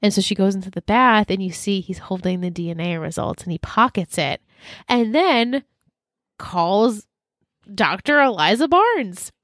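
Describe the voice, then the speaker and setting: A woman's voice: medium pitch, lively intonation, a little slow, fairly bright tone, no echo, clean studio sound. A woman co-hosting a podcast, chatting casually and animatedly about a TV episode and acting out its lines. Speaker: podcast co-host. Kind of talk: casual TV recap chat.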